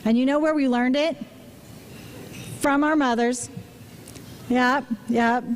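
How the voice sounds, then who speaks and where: High-voiced woman giving a talk. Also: fairly even intonation, takes it slowly, a little hiss or hum. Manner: engaging, asks the audience questions; frequent restarts and "you know" fillers. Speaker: physician giving a public talk. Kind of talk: public talk to an audience.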